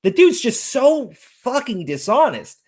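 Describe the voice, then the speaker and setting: A man's voice: very high voice, sing-song, a little slow, a little mellow. A man hosting a casual commentary show, ranting profanely and breaking into incredulous outbursts. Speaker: podcast host.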